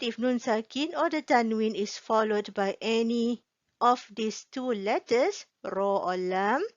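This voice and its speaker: Woman w teaching, slow, bit higher voice, dull dry recording. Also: no room sound. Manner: patient, checks in often with "okay?" and repeats each rule. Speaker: Quran recitation teacher. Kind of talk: slow explanatory online lesson.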